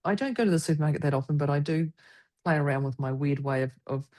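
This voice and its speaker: A woman talking in a relaxed, friendly podcast chat. Her voice sits a little low and sounds mellow and warm. She is animated and slips into other people's voices as she tells stories. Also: quick pace. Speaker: podcast co-host. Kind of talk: casual conversational chat.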